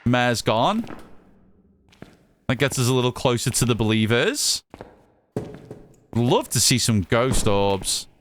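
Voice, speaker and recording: A man's voice: medium pitch, sing-song, slow pace, pauses often, slight background noise. An English man from the Northwest, chatting casually while streaming a game and answering his chat, often repeating himself. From Northwest England, Cheshire. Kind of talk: casual live gameplay chat.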